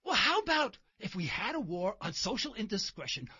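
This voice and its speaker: Sarcastic high-voiced man on talk radio. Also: normal speed, hardly any pauses, breathy edge, highs cut off. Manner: sarcastic, mocking, animated. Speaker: radio host. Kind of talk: satirical talk radio monologue. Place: in a car while driving.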